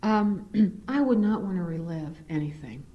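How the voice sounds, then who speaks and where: A middle-aged woman giving a personal testimony at a recovery meeting. She tells her story in an animated, earnest way and shifts into spiritual reflection. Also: measured pace, highs cut off. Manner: animated storyteller, swings to high excited re-enactment. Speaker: speaker sharing at a recovery meeting.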